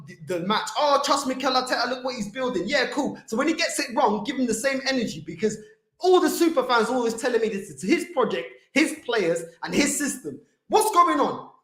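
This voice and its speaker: Hosting a football fan channel, a man delivers a heated livestream rant full of street slang. His voice is extremely high and a bit bright, and the room is echoey.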